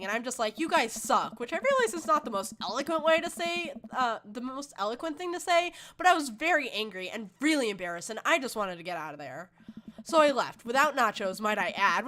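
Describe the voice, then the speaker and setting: A woman's voice: fairly high pitch, fairly bright tone. A woman reading as a hurt teenage girl. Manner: fast rambling venting. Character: upset teenage girl venting.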